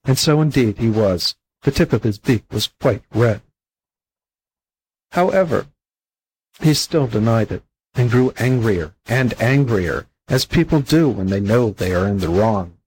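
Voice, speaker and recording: A man reading an old fable aloud as a volunteer audiobook narrator, in a plain, steady storybook manner. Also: lowish voice, unhurried, husky, low-quality recording.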